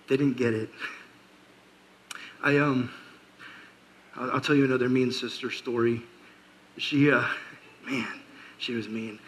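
A man's voice: mid-range voice, bright, forceful tone, poor audio. A man preaching a casual youth sermon, chatty and storytelling, full of fillers and joking asides. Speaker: youth pastor.

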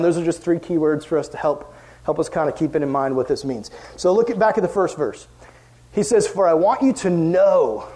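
Young male youth pastor, high-pitched, casual and energetic sermon. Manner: animated, acts out quoted voices.

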